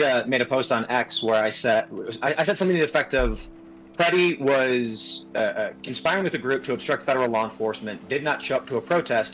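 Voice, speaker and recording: A man calmly explaining his position as a guest, with some hesitations. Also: medium pitch, poor audio. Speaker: guest on a debate show. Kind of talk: explaining his view on a show.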